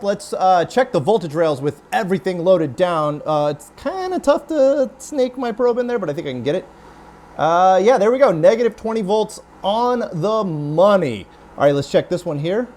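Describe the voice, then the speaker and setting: Host, male, fairly high voice; eager, chuckling, casual workshop talk. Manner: enthusiastic, chuckling, many filler "uh"s. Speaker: vintage computer restoration host. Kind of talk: casual hands-on workshop vlog.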